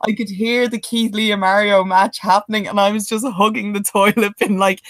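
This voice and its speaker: A woman co-hosting a podcast, telling animated stories with plenty of swearing and laughter. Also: mid-range voice, fairly quick, few pauses, dry recording, rough recording. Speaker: podcast co-host. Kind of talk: casual chat.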